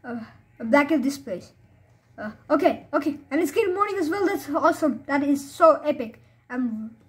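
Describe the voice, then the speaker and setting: A woman giving live, chatty gameplay commentary, excitable and full of fillers. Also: high-pitched. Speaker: gamer.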